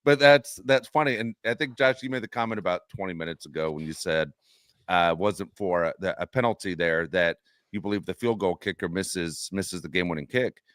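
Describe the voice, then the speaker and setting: A man co-hosting a sports fan podcast, telling animated stories in a casual chat and laughing often. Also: low voice, a little fast, no echo, studio quality. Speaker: podcast co-host.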